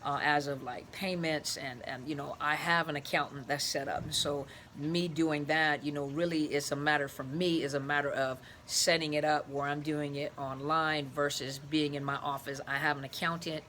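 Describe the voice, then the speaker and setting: A woman's voice: sits low, steady tone, moderate pace, hardly any pauses, fairly bright tone, a little hiss or hum. Earnest middle-aged woman explaining. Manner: earnest, explanatory, searching for words. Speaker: therapist and life coach, interview guest. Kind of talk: casual interview talk.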